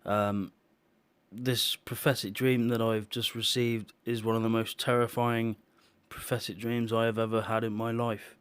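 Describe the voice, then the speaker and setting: A man's voice: fairly low pitch, little pitch movement, fairly bright tone, clear, resonant tone. A man recounting a dream as a personal testimony for his video channel, speaking earnestly and emotionally with frequent restarts and fillers. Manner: halting, with many restarts and fillers; emotional, solemn. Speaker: video maker sharing visions.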